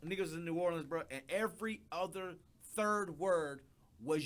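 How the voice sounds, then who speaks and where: A man on a radio talk show who jokes loudly and trades crude banter. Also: a little high, moderate pace. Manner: joking, loud, crude banter. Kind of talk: casual chat.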